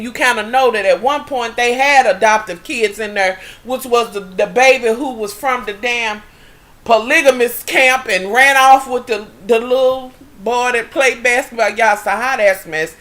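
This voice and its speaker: A woman vlogger recapping a TV episode in a casual chat, animated and profane, with dramatic exclamations. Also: on the high side.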